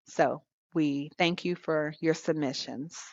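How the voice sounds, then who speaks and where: Woman co-host, casual and chatty, given to laughing; lowish voice, muffled dry podcast sound. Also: slow, dry recording. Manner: chatty, laughs often between thoughts.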